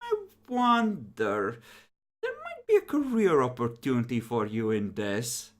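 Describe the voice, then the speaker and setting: A game master voicing a sly male vampire elder who talks in slow, insinuating phrases with a lively, swooping pitch. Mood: scheming.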